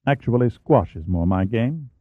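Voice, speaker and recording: A man's voice: mid-range voice, animated, moderate pace, no echo, natural voice. A man doing a courteous British naval officer. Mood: polite. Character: British naval lieutenant, polite and reserved. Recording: dry, tinny phone-like sound.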